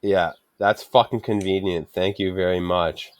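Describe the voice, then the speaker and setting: A man's voice: sits low, fairly even intonation, measured pace, no room sound. A middle-aged man telling a frustrated story in casual chat, swearing constantly and ranting. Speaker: podcast host.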